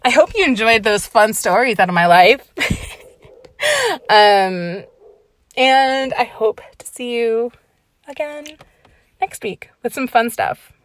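A woman's voice: fairly high pitch, expressive, slow, long pauses, fairly bright tone. A young woman telling a story in a casual vlog while driving, laughing, swearing and mocking herself. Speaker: vlogger. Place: inside a car.

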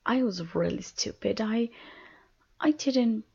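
A woman with a non-native English accent speaking in a whispered role-play, breathy and submissive, with soft laughs. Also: a little high, expressive, slow, muffled recording. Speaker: audio role-play performer.

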